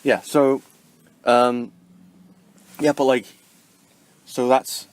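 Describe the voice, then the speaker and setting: A man's voice: medium pitch, extremely slow. A man talking casually to the camera in a vlog, rambling with lots of fillers and acting out little conversations. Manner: rambling, heavy on fillers, acts out little dialogues; swings between lively bursts and soft murmurs. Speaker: vlogger.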